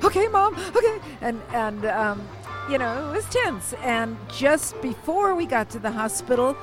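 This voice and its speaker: An older woman calmly telling a personal story in a conversational way, with many fillers and restarts. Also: fairly high pitch, measured pace, over music, poor audio.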